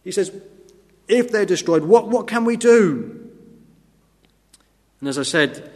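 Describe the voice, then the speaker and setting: A man delivers an earnest, emphatic sermon in a fairly high voice. He swells loud on key phrases and drops low on others, and a long church reverb trails behind every word. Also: lively intonation, takes it slowly. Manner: earnest, emphatic preaching with sudden rises and drops in volume. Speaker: preacher.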